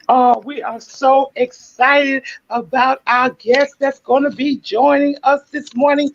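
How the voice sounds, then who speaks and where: Upbeat gravelly woman host. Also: high-pitched, little pitch movement, unhurried, muffled recording. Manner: upbeat, repeats greetings. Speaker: podcast host. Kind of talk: casual live show opening.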